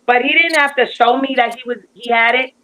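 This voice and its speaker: A woman guest telling a long story in casual chat, animated and rambling, with lots of fillers and restarts. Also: fairly high pitch, a little fast, rough recording.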